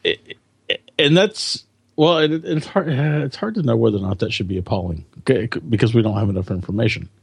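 A man's voice: mid-range voice, expressive, fairly quick, gravelly, breathy edge, no echo. A man co-hosting a tech podcast, giving opinionated, emphatic comments. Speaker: podcast co-host. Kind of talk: casual tech podcast talk.

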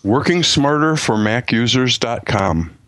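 A man's voice: medium pitch, lively intonation, a little slow, fairly bright tone, dry recording. Guest author man, stammering enthusiasm. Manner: stammering restarts, enthusiastic self-promotion. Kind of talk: casual podcast chat.

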